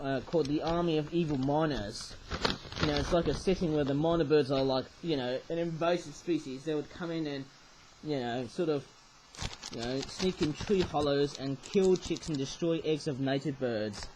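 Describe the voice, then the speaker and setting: A man's voice: on the high side, a bit bright, slight background noise, rough recording. A man chatting casually as he shows off toys, rambling and often ending sentences with "eh?". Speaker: toy reviewer. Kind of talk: casual show-and-tell vlog.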